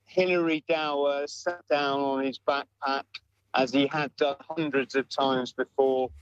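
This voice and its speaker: A man being interviewed about a mountaineering expedition, speaking in a measured way with fillers and pauses. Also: medium pitch, steady tone, clean tone, no echo, lo-fi sound. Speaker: mountaineer guest. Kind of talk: remote interview answers.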